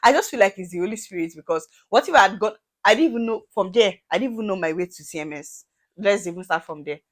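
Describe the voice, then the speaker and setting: A woman's voice: medium pitch, quick pace. A young Nigerian woman with a Nigerian accent, telling a storytime vlog and acting out the people in it. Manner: animated, acts out dialogue in shifting voices. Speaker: vlogger.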